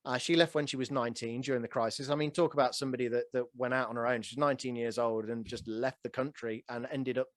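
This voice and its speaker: A man in his early forties hosting a casual interview, telling stories with animated energy and a self-deprecating chuckle. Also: mid-range voice, quick pace, hardly any pauses, no room sound, studio quality. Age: 40s. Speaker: podcast host.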